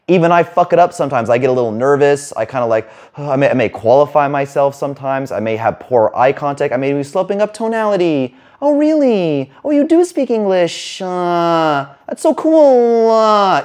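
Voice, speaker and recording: A man working as a dating coach, talking fast and rambling in a casual monologue to camera, with some swearing. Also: medium pitch, a little mellow. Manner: rapid, rambling, casual with profanity.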